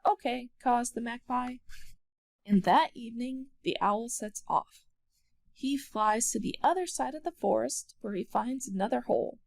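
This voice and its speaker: A woman narrating a children's storybook aloud with expressive storytelling. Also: a little high, vocal fry.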